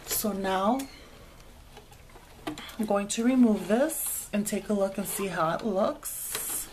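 A woman's voice: medium pitch, takes it slowly, a little mellow, a little hiss or hum. A woman hosting a craft tutorial, chatting casually as she explains each sewing step with frequent fillers.

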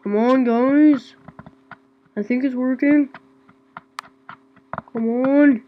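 A woman gaming YouTuber giving casual gameplay commentary, excitable, swinging from low mumbling to loud outbursts. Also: very slow, narrow, tinny audio. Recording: loud background noise.

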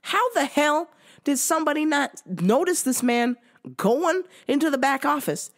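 A podcast host, a woman with a high voice, rants casually in a sarcastic, profane way and laughs often. Her delivery is animated yet unhurried.

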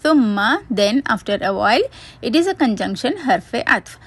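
Higher-voiced woman teaching grammar methodically. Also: big pitch swings, normal speed, fairly bright tone, slightly rough, no echo. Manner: methodical, spells out root letters and terms. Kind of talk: read word-by-word grammar lesson.

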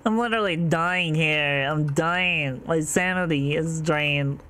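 A woman's voice: deep voice, takes it slowly, fairly bright tone, slight background noise. A woman gaming content creator commentating a horror game, panicky, shrieking and playful with made-up words.

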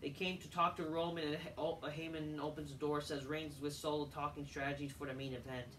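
A man rants through a casual wrestling show review, cursing freely and circling back to the same points. His voice is bright and sharp, and it sits back from the mic in an echoey room with a faint hum behind it. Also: fairly high pitch, level tone, a little fast, far from the mic. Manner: profane, ranting, repeats himself. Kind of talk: casual solo review rant.

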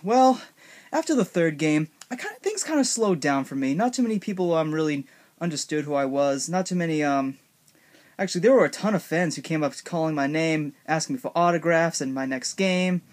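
A man's voice: on the high side, animated, fairly quick, darkish tone, natural voice. A young man voicing a laid-back male raccoon thief, easygoing and hesitant with fillers.

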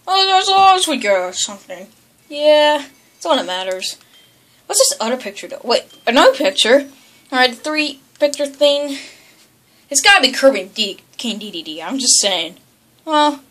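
A woman giving excited video game commentary, yelping, groaning and bickering as she plays. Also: high-pitched, normal speed. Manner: excitable, yelps and groans, bickers with toy characters. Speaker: gaming channel host.

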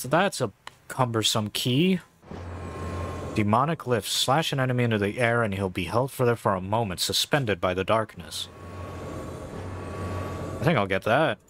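A man's voice: fairly low pitch, animated, a little slow, slight background noise. A man casually commentating while playing a video game, laid-back and joking, reading tips aloud. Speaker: gaming video host. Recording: voice over loud game music.

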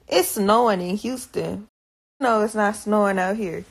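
A woman's voice: medium pitch, a little slow, creaky, breathy edge. A young woman, a mother filming her baby, chatting casually and slangily to her viewers. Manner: laid-back, slangy, talks to viewers and baby. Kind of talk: casual vlog chat.

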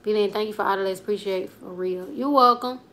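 Her voice mid-range, a bit bright and a little fast, the young comedian rambles through a casual live stream. The YouTuber, in her twenties, uses lots of slang and reads out comments from viewers.

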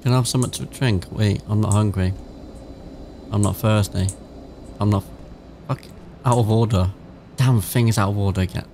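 A man's voice: lowish voice, steady tone, normal speed, pauses often, mellow, a little hiss or hum. A man with a British accent giving casual, chatty let's-play commentary, swearing freely and reading game text aloud. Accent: British English. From England. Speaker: gaming YouTuber.

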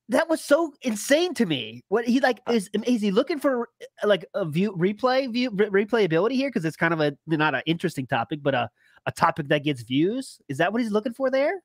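A male podcast host talking in a casual, sarcastic way, his pitch swinging up and down a lot. He swears freely as he riffs, and the sound is close and dry. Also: sing-song, a little fast, no echo.

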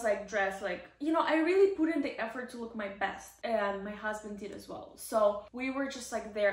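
This is a woman vlogging in a casual, chatty storytelling voice that sits a little on the high side. She talks with excitement and scatters "like" through her sentences. The room around her gives the sound a noticeable echo. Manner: chatty, excitable, many "like" fillers. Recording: roomy echo.

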